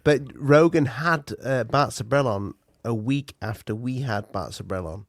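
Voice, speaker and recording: A man's voice: mid-range voice, a little slow, no room sound. Hesitant man co-host, dry sound. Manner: hesitant, many fillers. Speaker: podcast co-host. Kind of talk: casual chat.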